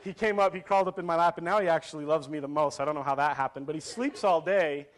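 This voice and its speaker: A pastor in his thirties delivers a sermon in a slightly high voice. He tells a family story with laughter and acted quotes, then reads scripture to his congregation. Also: quick pace.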